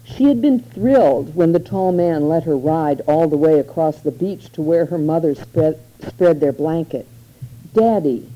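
A woman narrating a literary short story in a measured, unhurried reading. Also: sits low, mellow, highs cut off.

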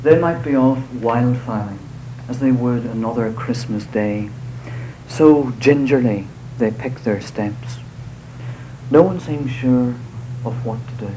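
A man giving a live poetry reading to an audience, delivering verse in a measured, unhurried way with hesitant spoken asides between poems. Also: mid-range voice, dark tone, a little hiss or hum, low-quality recording. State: voice slightly off tonight.

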